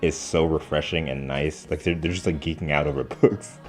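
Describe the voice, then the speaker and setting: A man's voice: a bass voice, steady tone, a little fast, over music. A young man hosting a show, giving casual, enthusiastic reaction commentary, chatty and full of "like". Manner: enthusiastic, chatty, says "like" often. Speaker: show host.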